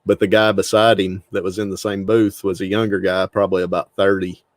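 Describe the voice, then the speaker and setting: A middle-aged Southern man from Tennessee with a lower voice tells stories in an easygoing way and laughs a lot. The recording is dry. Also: little pitch movement, fairly quick, no echo. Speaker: guest. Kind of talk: casual interview talk.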